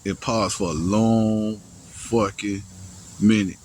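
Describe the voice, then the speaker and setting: Low-voiced young man telling a story. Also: steady tone, a little mellow, slight background noise, poor audio. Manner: halting, slangy and profane, with frequent restarts and sighs. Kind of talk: casual first-person storytelling.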